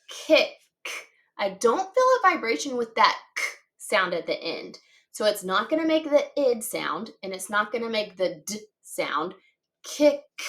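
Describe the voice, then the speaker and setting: A woman teaches phonics to young children at a slow, deliberate pace. She sounds out each letter and word carefully. Her voice sits in a middle pitch and stays patient and encouraging. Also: fairly bright tone. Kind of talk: slow, clearly enunciated phonics lesson for children.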